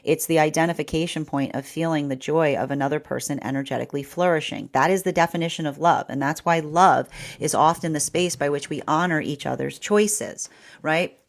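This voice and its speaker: Low-voiced woman giving a tarot reading. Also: a little fast. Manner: rambling, repeats words, many fillers. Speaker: tarot reader.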